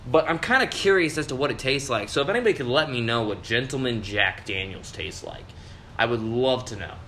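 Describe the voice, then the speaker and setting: Loose and a little tipsy from beer, a young podcast host wanders through a rambling, casual monologue, swearing freely and relying on fillers. His medium-pitched voice is bright, forward and expressive, moving a little fast. The room adds a noticeable echo, and there's slight background noise.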